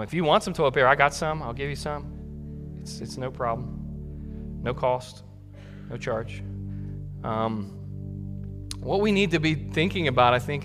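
A man's voice: medium pitch, big-room sound. A male pastor preaching a sermon in a conversational way that builds to emphatic peaks. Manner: conversational, warm asides, rising to emphatic peaks.

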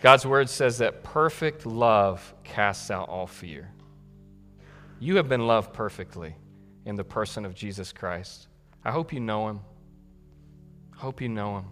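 A man's voice: lowish voice, measured pace, long pauses, soft background music. Man preaching in a reverberant sanctuary. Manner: conversational, warm asides, rising to emphatic peaks. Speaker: pastor. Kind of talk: sermon.

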